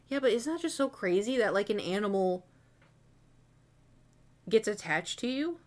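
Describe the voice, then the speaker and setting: Rambling young woman chatting on a livestream. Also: lowish voice. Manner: rambling, candid and swearing, many fillers. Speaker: streamer. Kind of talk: casual chat. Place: home room.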